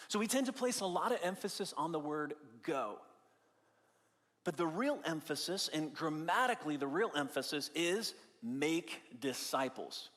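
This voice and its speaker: A man delivering a sermon with a slightly high-pitched voice. He preaches in a conversational way, explaining through homely examples and repeating his main points for emphasis. The sound rings with the long reverb of a church hall. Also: a bit bright. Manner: emphatic, repeating key phrases. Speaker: pastor. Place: church sanctuary.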